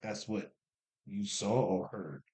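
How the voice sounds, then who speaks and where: A man talking casually to camera as a commentary host, animated and repeating points for emphasis. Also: lowish voice, takes it slowly, husky. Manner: animated, repeats himself for emphasis, jokey asides. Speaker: commentary YouTuber.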